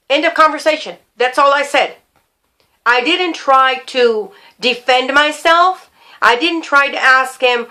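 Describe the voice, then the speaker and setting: A woman's voice: sits high, measured pace, bright, forceful tone. A woman giving sermon-style Bible teaching to women, earnest, repeating her key phrases and telling stories from her own life.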